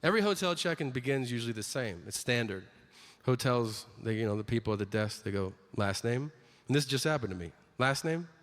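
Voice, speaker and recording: A man's voice: medium pitch, quick pace. A man doing stand-up comedy, telling stories and acting out the voices of people in them. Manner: animated, acts out voices in his stories. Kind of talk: stand-up storytelling. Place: comedy stage. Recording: live stage with long hall reverb, faint ambience.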